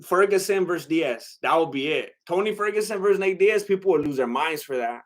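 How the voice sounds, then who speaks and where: A young man chats loosely on a livestream, his voice sitting a little high for a man. He rambles and hesitates, trailing off into fillers and starting his sentences over. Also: lively intonation, a little fast. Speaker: livestream host reading chat. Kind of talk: casual livestream chat.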